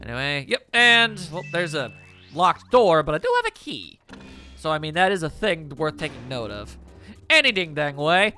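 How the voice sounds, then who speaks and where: A man's voice: on the high side, big pitch swings, normal speed, bright, forceful tone, soft background music. A man giving casual, goofy gameplay commentary, full of silly exclamations and jokes. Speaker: let's play commentator.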